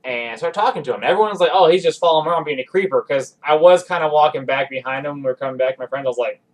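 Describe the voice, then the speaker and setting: A man's voice: on the high side, far from the mic, rough recording. Rambling man, a bit off-mic. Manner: rambling, self-deprecating, quick restarts. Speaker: podcast guest. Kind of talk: casual storytelling.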